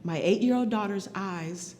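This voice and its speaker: A woman recounting her own experience as personal testimony, speaking in a measured, earnest way. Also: mid-range voice, a little mellow, long reverb tail, a little hiss or hum.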